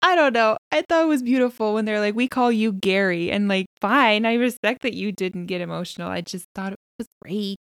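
A woman's voice: mid-range voice, brisk, few pauses, smooth, dry recording, studio quality. Emotional, laughing woman podcast co-host. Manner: warm, emotional, laughs often, fond reactions. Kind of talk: casual chat.

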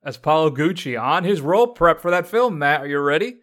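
A man co-hosting a film review podcast, talking in a casual, animated, joking way. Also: a little high, fairly quick. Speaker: podcast co-host.

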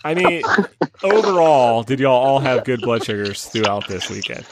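A man's voice: medium pitch, normal speed, heavy background noise. A man hosting a podcast in casual chat, playful and teasing his guests. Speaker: podcast host.

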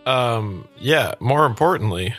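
A young man co-hosting a casual sports podcast, making wry, deadpan jokes. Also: medium pitch, slow pace, soft background music. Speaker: podcast co-host.

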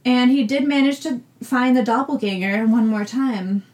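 A woman's voice: on the high side, normal speed, a little mellow. Young woman, from New England, casual podcast co-host, jokey storyteller. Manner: jokey, laughs while telling a spooky story.

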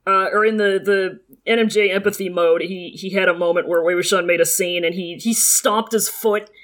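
A woman co-hosting a podcast, recapping a story in casual chat. She is animated, laughs often and swears freely. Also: medium pitch, moderate pace. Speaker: podcast co-host.

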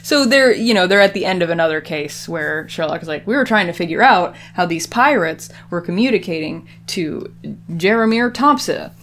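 In a relaxed podcast chat, a woman with a lowish, fairly bright voice walks through a TV episode, acting out what the characters say. She's expressive and speaks at normal speed, with slight background noise in the recording.

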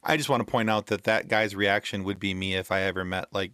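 A man hosting a casual interview, reacting with quick, enthusiastic comments. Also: fairly low pitch, a bit bright. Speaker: host.

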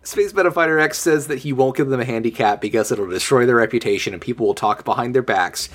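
A man's voice: mid-range voice, fast. Rambling man in casual podcast chat. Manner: relaxed, rambling, many fillers. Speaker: podcast host.

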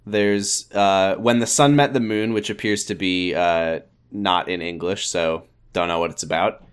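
A man co-hosting a casual podcast, giving dry, wry commentary with many pauses and ums. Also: deep voice, steady tone, smooth. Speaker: podcast co-host. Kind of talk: casual chat, reading fan fiction aloud.

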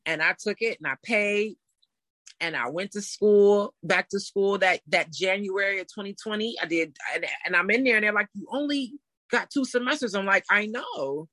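A woman in her thirties telling a story in a casual interview, animated and laughing as she acts out what people said. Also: mid-range voice, moderate pace, no echo. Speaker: interview guest.

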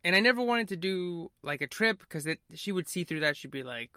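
A man's voice: high-pitched, animated, fairly quick, pushed and bright, clear, resonant tone, no echo, clean studio sound. A young man hosting a podcast, telling a long story casually with lots of fillers and acted-out quotes. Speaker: podcast host.

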